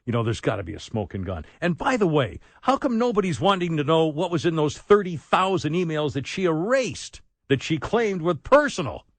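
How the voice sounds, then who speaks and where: A man's voice: fairly high pitch, big pitch swings, brisk, hardly any pauses, no room sound. A man hosting a talk radio show, wisecracking and laughing at his own jokes, with a frog in his throat. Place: radio studio. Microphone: studio microphone.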